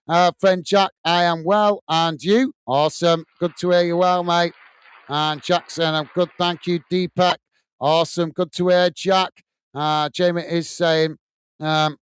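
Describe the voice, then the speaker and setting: A man's voice: sits high, clear, resonant tone, no room sound. A man hosting a football watch-along, casually reading out and thanking viewers' comments with lots of fillers. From United Kingdom. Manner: chatty, friendly, many fillers, thanks viewers by name. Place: home studio room.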